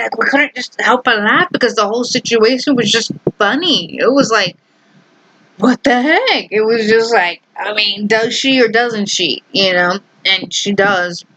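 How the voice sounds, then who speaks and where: A young adult woman tells a family story to the camera in a loose, rambling, amused way. Her voice sits at a middle pitch. The sound is close and dry, with no room echo. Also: bright, forceful tone. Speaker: vlogger. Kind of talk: casual storytime.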